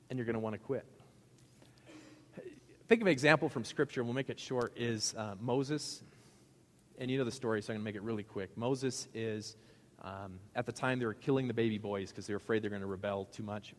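A man's voice: mid-range voice, brisk, big-room sound. A male pastor giving a sermon in a conversational, joking way, asking the congregation questions.

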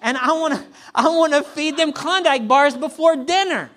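A man's voice: extremely high pitch, normal speed, a bit bright. A middle-aged man preaching in a conversational way, repeating lines for emphasis. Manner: conversational, acts out hypothetical quotes, repeats for emphasis. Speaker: pastor. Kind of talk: sermon.

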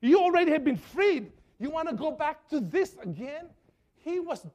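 A man preaches with an unusually high-pitched voice. He pleads with his listeners and swings between loud bursts and soft, hushed stretches. His sermon is earnest and heartfelt. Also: big pitch swings, moderate pace. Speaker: pastor.

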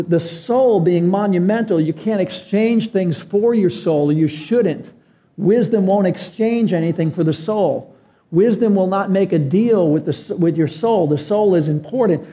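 High, mellow-voiced male preacher. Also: lo-fi sound. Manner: earnest preaching with rising emphatic phrases. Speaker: pastor. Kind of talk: sermon.

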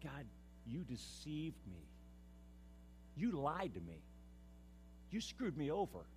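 A man's voice: fairly high pitch, wildly swooping pitch, slow pace, slight background noise, exaggerated voice. A man voicing an exasperated, anguished prophet. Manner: exasperated, pleading, rising to a shout. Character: anguished male prophet railing at God.

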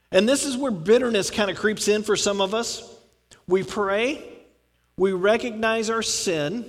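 High-voiced man preaching in a reverberant hall. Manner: conversational preaching with humor, acts out quoted prayers. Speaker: pastor. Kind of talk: sermon.

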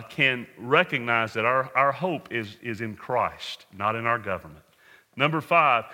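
A man's voice: fairly high pitch, pushed and bright. An American man preaching a sermon as pastor, earnest and direct, speaking to his congregation in a large hall. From United States. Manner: earnest, addresses congregation as folks, numbered points.

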